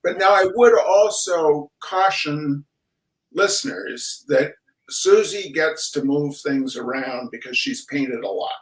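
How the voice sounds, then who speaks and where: A man's voice: a little high, slow pace, reverberant, low-quality recording. A man hosting a casual art talk, chatty and restarting his sentences with repeated words. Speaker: podcast host.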